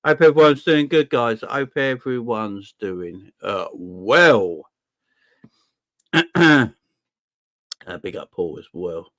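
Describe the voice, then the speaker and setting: A young man hosting a football fan livestream, casually and cheerfully shouting out viewers in the chat. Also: mid-range voice, expressive, slow, long pauses, no echo, clean studio sound. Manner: upbeat, shouting out viewers by name. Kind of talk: casual live-stream chat.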